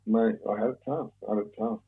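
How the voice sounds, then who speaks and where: Gravelly Australian man in his fifties. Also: fairly low pitch, steady tone, fast talker. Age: 50s. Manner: blunt, swears often, rambling with many restarts. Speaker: podcast guest. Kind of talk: casual conversation. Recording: tinny phone-like sound.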